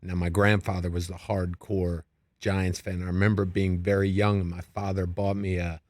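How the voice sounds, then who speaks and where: A man from New Jersey with a general American accent, an actor guest telling stories in a relaxed, easy way. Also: low voice, moderate pace, dry recording, clean studio sound. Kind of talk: casual interview chat.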